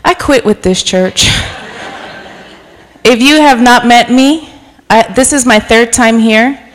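A middle-aged woman preaching informally in a church, chatty and self-deprecating, then softening into earnest encouragement. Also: a little high, slow pace. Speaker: guest preacher. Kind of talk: informal sermon. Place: church sanctuary. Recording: long reverb of a church hall.

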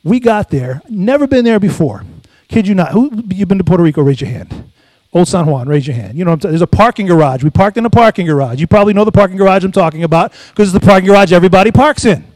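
A man's voice: high voice, animated, quick pace, darkish tone, no echo. A middle-aged man preaching a sermon, telling personal stories and calling for amens from the congregation. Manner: call-and-response preaching, asks congregation for amens. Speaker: pastor.

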